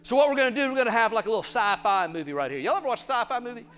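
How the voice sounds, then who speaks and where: Male pastor, high-pitched, playful and animated delivery. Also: rapid-fire, slight background noise. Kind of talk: sermon.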